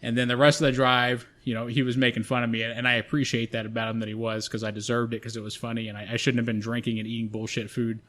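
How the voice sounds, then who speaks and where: A man co-hosting a podcast, telling a story in a casual, profane and animated way. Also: mid-range voice, fast, hardly any pauses. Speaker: podcast co-host.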